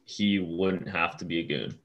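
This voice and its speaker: A man's voice: deep voice, unhurried, a bit bright. A man co-hosting a casual hockey podcast, laying out standings and points steadily. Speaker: podcast co-host.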